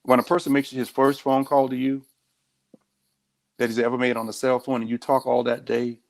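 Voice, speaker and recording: An American sheriff, appearing as a guest in a candid interview, tells stories directly and earnestly. His voice is medium-pitched and creaky, with a flat delivery at a normal speed.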